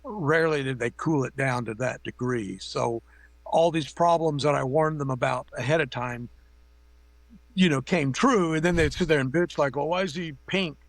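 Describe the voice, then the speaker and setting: On a remote call, a middle-aged man who does makeup effects swaps loose, profanity-laced anecdotes riddled with fillers, casual interview style. His pitch is medium, his pace moderate, and the recording has no echo.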